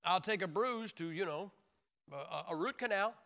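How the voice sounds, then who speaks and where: Man, preacher, sermon, emphatic and joking, high voice, bright forceful tone, long hall reverb. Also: animated, normal speed. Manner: emphatic, joking, acts out crying babies in high shouts.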